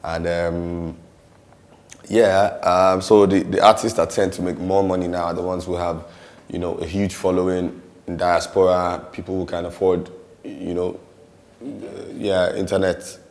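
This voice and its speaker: A Nigerian man with a very low voice speaks in a laid-back interview. He talks loosely, stopping often on fillers and slipping into Yoruba. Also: unhurried. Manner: relaxed, many "you know" fillers, mixes in Yoruba. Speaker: musician and actor interviewee. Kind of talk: casual interview.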